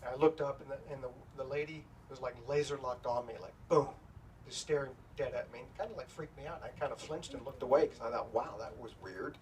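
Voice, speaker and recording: A man's voice: mid-range voice, fast, hardly any pauses, a little mellow. A middle-aged man telling an anecdote to a live audience at a bookstore event, in a loose, self-deprecating storytelling manner with plenty of fillers. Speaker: author speaking at a bookstore event. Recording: distant, noisy room recording.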